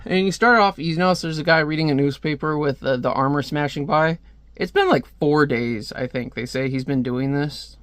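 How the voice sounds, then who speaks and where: Young male comic reviewer, slightly high voice, rambling and chatty, dry close recording. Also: moderate pace, fairly bright tone, smooth, dry recording. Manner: rambling, chatty asides with frequent fillers. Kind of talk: casual comic book review.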